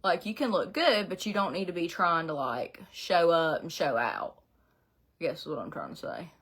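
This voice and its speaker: Chatty middle-aged Southern woman, low voice. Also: expressive, normal speed, a bit bright, breathy edge. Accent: Southern US, Georgia. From Southeast Georgia, USA. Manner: chatty, rambling, laughs often. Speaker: beauty vlogger. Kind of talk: casual chat while doing makeup. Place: her home beauty room, indoors.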